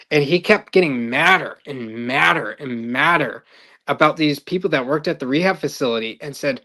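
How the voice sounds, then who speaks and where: A man's voice: fairly high pitch, normal speed, pushed and bright. A male life coach telling a story in a casual, rambling podcast monologue with fillers and restarts.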